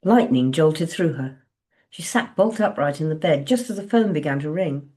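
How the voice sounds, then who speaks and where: A woman author reading her own novel aloud in a measured, low-key way. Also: expressive, darkish tone.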